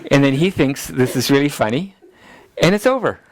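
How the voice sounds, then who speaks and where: A middle-aged man, a pastor, teaching a class in a relaxed, chatty way and laughing at his own family stories. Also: on the high side, fairly quick. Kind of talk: teaching lecture with family anecdotes.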